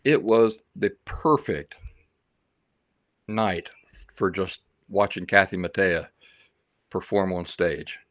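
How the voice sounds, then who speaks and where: A man's voice: deep voice, takes it slowly, long pauses, dry recording. A man hosting a livestream, telling stories in a rambling, chatty way and reading out viewer comments. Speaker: livestream host. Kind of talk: casual livestream chat.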